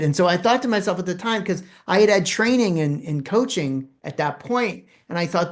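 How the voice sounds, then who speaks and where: Brief: male presenter, animated storyteller, wide pitch swings, pauses for effect. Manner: expressive, dramatic pauses, quotes dialogue. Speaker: presenter telling a personal story. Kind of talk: storytelling keynote talk.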